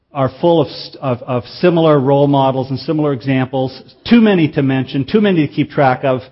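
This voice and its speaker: A man with a mid-range voice preaches a sermon earnestly and in a measured way, slowing down for emphasis. The recording has its highs cut off.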